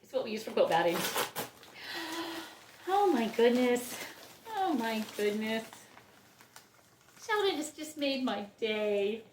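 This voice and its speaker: A woman's voice: on the high side, sing-song, takes it slowly, long pauses, darkish tone, reverberant, a little hiss or hum. A woman from Ohio, chatting casually as she unboxes plants, gushing, laughing often and gasping with delight. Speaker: orchid grower and vlogger.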